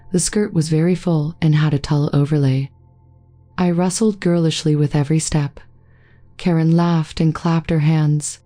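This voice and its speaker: A woman reads a first-person story aloud in a low voice. Her tone is mellow and warm, and her delivery is steady and even. Faint music plays beneath her. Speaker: story narrator. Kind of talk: scripted narration.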